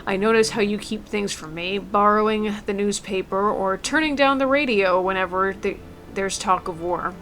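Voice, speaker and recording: A woman reading aloud as an elderly mother, gentle and tender, with small stumbles. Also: medium pitch, moderate pace, slight background noise, natural voice. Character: elderly mother writing a farewell letter. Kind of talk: reading a game letter aloud.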